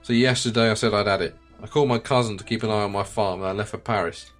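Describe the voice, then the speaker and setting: A bitter, self-pitying middle-aged farmer from a video game, a widower who talks in a plain, resentful and defensive way, as a man reads his lines aloud. The voice sits fairly low. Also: moderate pace, faint music behind, lightly acted. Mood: aggrieved.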